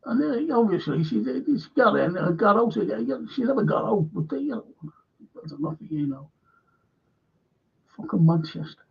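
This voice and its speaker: Husky, gravelly man, slow. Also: high voice, big pitch swings. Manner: rambling, swears freely, repeats himself. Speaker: film and TV review host. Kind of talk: casual livestream chat reading viewer comments. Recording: dull lo-fi stream audio.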